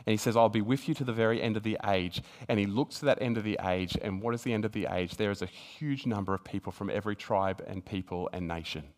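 A man's voice: lowish voice, fast, few pauses. A man preaching a sermon, speaking earnestly with frequent restarts, reading passages of scripture aloud and building to emphatic peaks. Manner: reads scripture aloud within the talk.

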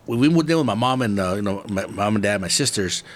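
A middle-aged man from East Los Angeles, hosting a casual podcast talk, laid-back and swearing freely as he thinks out loud. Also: on the low side, lively intonation, fast. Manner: laid-back and profane, muses aloud. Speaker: podcast host.

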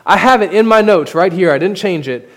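A man's voice: sits high, animated, fairly quick. A male pastor preaching a sermon at a podium microphone, candid and self-deprecating, his emphasis rising and falling. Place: church sanctuary. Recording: long hall reverb.

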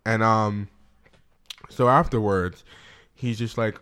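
Brief: young male co-host, lowish voice, laid-back, sarcastic, rambling. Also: fairly even intonation, measured pace, a bit bright, clean tone. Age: young adult. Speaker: podcast co-host. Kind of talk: casual chat.

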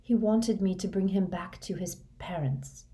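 A woman's voice: lowish voice, normal speed, vocal fry, mellow. A woman voicing a hurt, shaken teenage boy who whispers and mutters in a daze, in a storybook reading. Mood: dazed.

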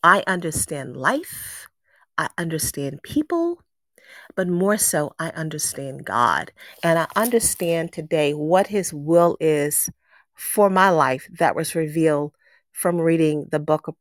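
A woman's voice: low-pitched, dry recording, studio quality. A woman around sixty giving an emotional personal faith testimony, telling her story earnestly and repeating words for emphasis. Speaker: guest sharing a faith testimony.

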